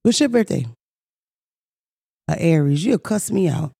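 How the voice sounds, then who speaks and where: A woman from Philadelphia with a Philly accent, hosting a podcast in brash, profane, animated casual chat. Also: fairly low pitch, a little slow, creaky, slightly rough, no echo, clean studio sound. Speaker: podcast host.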